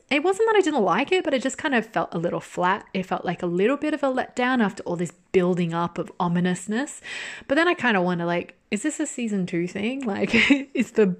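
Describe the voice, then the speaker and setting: Woman podcast host, casual drama-review monologue, chatty, sweary, laughs often. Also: medium pitch.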